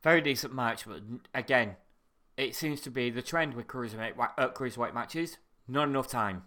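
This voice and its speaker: A man's voice: mid-range voice, normal speed, pushed and bright. A British man co-hosting a podcast, talking casually, swearing and drifting off into tangents. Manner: rambling, profane, drifts into tangents. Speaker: podcast co-host. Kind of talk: casual chat.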